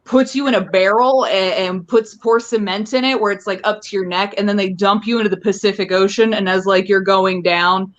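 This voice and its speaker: A woman's voice: medium pitch, steady tone, brisk, few pauses, highs cut off. A young woman doing rambling, self-amused stand-up comedy from home into her phone. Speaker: stand-up comic. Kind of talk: casual stand-up riffing.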